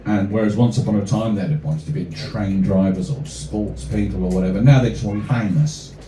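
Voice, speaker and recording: A man performing comic rhyming poems to a live cafe audience, with wry, deadpan asides between pieces. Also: lowish voice, fairly quick, a little hiss or hum. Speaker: performance poet. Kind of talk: live comic poetry reading. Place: small cafe venue with an audience. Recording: roomy, distant audience recording.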